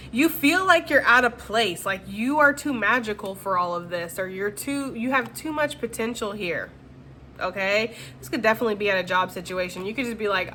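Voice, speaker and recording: A woman reads tarot cards for her viewers in a loose, chatty way, sprinkling slang and reassurances between the cards. Her voice is bright and forward, with a faint hiss of room noise behind it. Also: a little high. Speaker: tarot reader. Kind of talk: casual tarot reading monologue.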